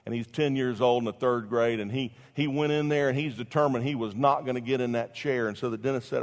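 Male preacher, mid-pitched, storytelling sermon, big hall reverb, loud-to-soft dynamics. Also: brisk, hardly any pauses. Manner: storytelling with lively swings from loud to hushed. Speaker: pastor.

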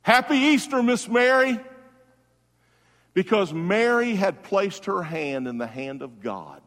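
A male pastor preaching a funeral sermon, swinging from loud emphatic calls to hushed, soft tones. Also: on the low side, big-room sound.

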